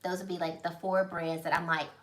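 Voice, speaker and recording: A woman's voice: on the low side, little pitch movement, a little fast, a bit bright. A woman, chatting through a casual livestream Q&A as a beauty vlogger and gushing as she reads viewer comments. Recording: echoey room.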